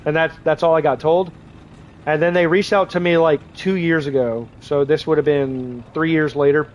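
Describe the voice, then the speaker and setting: Young man, stuffy sinuses, slightly high voice, rambling gamer chat, faint engine noise behind. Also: fairly even intonation, moderate pace, lo-fi sound. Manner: rambling, frank, many restarts and fillers. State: congested from draining sinuses. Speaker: streamer. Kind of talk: casual livestream chat while gaming. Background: faint game vehicle noise.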